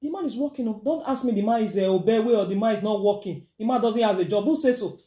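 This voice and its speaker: A woman with a Nigerian accent giving relationship advice in a casual, animated monologue, acting out quoted voices and slipping into pidgin. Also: mid-range voice, quick pace, reverberant.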